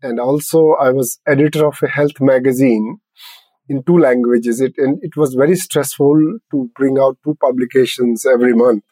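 Older man, podcast guest, laughs between sentences, mellow warm tone, dry close sound. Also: medium pitch, steady tone, normal speed, no echo, low-quality recording. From India. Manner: laughs often, explains simply. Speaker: laughter yoga founder, guest. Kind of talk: podcast interview.

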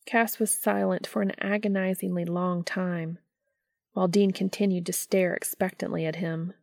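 A woman reading fan fiction aloud in a slow, subdued narration. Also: fairly low pitch, fairly even intonation, gravelly, a little mellow, dry recording, clean studio sound. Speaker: reader.

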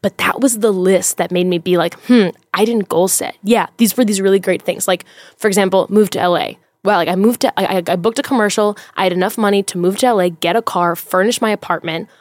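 A woman's voice: mid-range voice, brisk, dry recording. A woman who is a comedian, chatting as a podcast guest in a candid, rambling way with lots of fillers. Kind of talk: casual chat.

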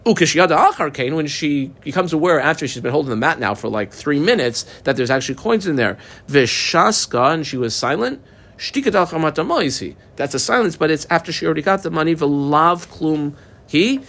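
A man teaching a Talmud class, reading the text and translating it line by line as he marks up the page. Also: fairly high pitch. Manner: reads Aramaic text then translates, animated, marks up the text aloud. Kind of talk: daf yomi Gemara class.

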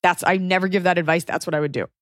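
A woman's voice: steady tone, very fast, fairly bright tone, no echo, studio quality. A woman hosting an advice podcast, blunt and sarcastic, acting out quoted people in a casual chat. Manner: blunt, sarcastic, acts out quoted people with big pitch jumps. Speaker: podcast host giving advice.

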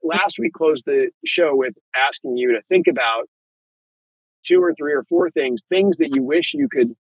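Older man, host, husky voice, dry mic. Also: a little high, wildly swooping pitch, normal speed, dry recording, lo-fi sound. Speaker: podcast host. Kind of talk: conversational interviewing.

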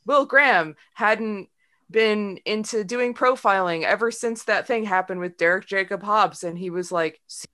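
Bright-sounding woman podcast cohost, loose chatty recap, lots of likes and ums. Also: mid-range voice. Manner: chatty, filler-heavy, laughs often. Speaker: podcast co-host. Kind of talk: casual chat recapping a TV episode.

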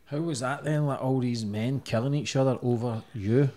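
A man's voice: medium pitch, normal speed, warm tone. A man hosting a casual interview, asking blunt questions and swearing casually. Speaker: podcast host.

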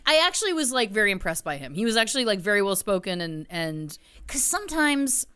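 A woman co-hosting a casual podcast, spinning anecdotes with playful asides. Her voice sits at an ordinary middle pitch. She tells her stories with an easy, animated flow. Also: fast, smooth. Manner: lively storyteller, playful asides. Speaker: podcast co-host. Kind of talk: casual chat.

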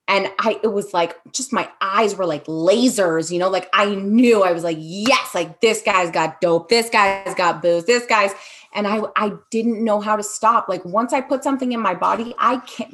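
A woman speaking candidly in an interview, talking haltingly with frequent fillers. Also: mid-range voice, fairly bright tone. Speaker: guest sharing her story. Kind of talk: personal testimony interview.

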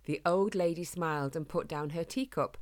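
A woman reading a children's storybook aloud in a gentle, measured way. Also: deep voice.

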